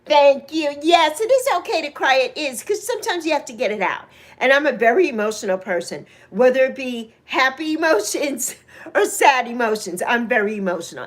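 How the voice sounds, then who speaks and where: On a casual livestream, a high-voiced woman in her sixties chats briskly with viewers, calling them by name. She's openly emotional, laughs readily, and leaps into excited peaks.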